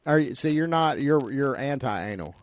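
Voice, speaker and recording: A man's voice: medium pitch, animated, normal speed. A middle-aged man hosting a podcast, trading crude, teasing banter in a blunt, profane way. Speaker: podcast host.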